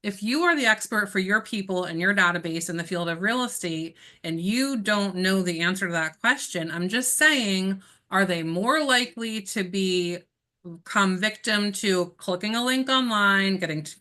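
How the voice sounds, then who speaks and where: Woman coach, punchy and direct, crisp bright tone, mid pitch, heard over a video call. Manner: direct, emphatic, talks straight to listeners. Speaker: real estate trainer. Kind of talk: coaching session.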